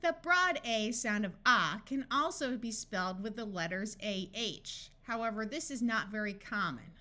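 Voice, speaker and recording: A woman reading a scripted phonics lesson, sounding out letters and words with slow, deliberate enunciation. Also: mid-range voice, lively intonation, sharp tone. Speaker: phonics tutor.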